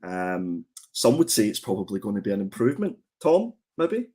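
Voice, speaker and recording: A man's voice: lowish voice, big pitch swings, moderate pace, dark tone, husky. A man hosting a casual comics livestream, chatty and prone to repeating his words as he goes. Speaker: comic show host.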